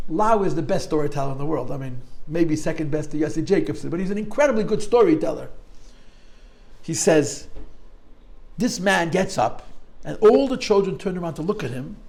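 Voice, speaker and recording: A man teaching a Torah class, telling a story with lively, dramatic emotion and acting out the quotes. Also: high-pitched, creaky, low-quality recording. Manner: animated storyteller, acts out quotes with rising emotion.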